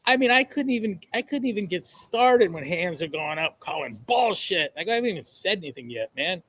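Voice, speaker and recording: A man talks as a guest in a conversational interview. His voice sits fairly high and rings bright and forceful. He speaks bluntly and emphatically, with casual swearing. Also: animated, fairly quick, hardly any pauses, no room sound. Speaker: podcast guest.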